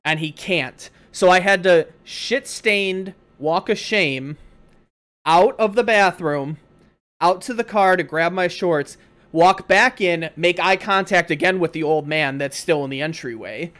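A man's voice: high-pitched, a little slow. A young man hosting a podcast and telling a story among friends, swearing freely and acting out the other people's voices. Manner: animated, swears freely, acts out quoted voices. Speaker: podcast host.

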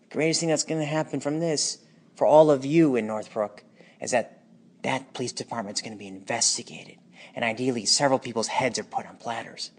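Speaking a little fast in a mid-range voice, this man gives a bitter, anguished personal monologue. It's raw and emotional, alternating between hushed moments and intense ones.

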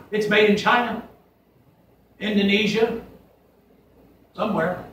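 A man's voice: sits high, moderate pace, bright, forceful tone, slight background noise. A man preaching a fiery sermon to his congregation, folksy and emphatic, quoting scripture in a church sanctuary. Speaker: pastor. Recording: echoey church from a distance.

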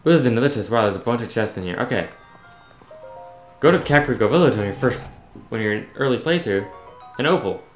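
A man's voice: medium pitch, lively intonation, quick pace, long pauses, reverberant, soft background music. A man giving casual let's-play commentary, reading game text aloud between chatty remarks. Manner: reads on-screen text aloud, chatty asides. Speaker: gaming YouTuber.

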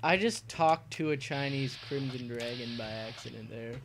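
A young man giving goofy, rambling let's-play commentary, cracking jokes and sometimes breaking into squeaky outbursts. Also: moderate pace, music in the background. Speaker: gameplay commentator. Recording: noisy home recording.

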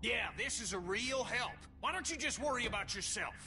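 A hot-tempered gruff man. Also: extremely high pitch, lively intonation, brisk, sharp tone, soft background music, exaggerated voice. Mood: angry. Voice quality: profane, barking and bossy. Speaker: video game character.

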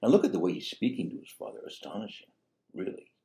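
A man's voice: low voice, big pitch swings, quick pace, creaky, mellow. A man, a priest, teaching a parable in a conversational sermon style, full of rhetorical questions and asides. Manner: conversational, peppered with "you know" and "see?", rhetorical questions.

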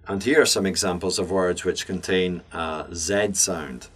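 A man teaching English pronunciation in a scripted lesson, speaking deliberately and enunciating each sound clearly. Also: low-pitched, a bit bright.

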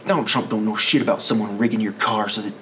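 A man's voice: fairly low pitch, fast talker, fairly bright tone, slight background noise. A man talking in a casual, rambling, profane monologue, often correcting himself mid-sentence.

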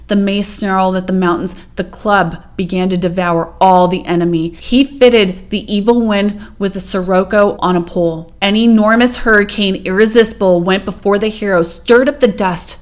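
A woman hosting her own channel, reading an ancient epic aloud in a measured, solemn way, then musing about it in casual commentary. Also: medium pitch. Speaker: channel host.

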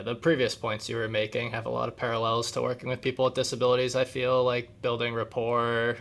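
A man hosting a podcast, asking questions in a measured way. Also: lowish voice, gravelly, sharp tone. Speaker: podcast host. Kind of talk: interviewing.

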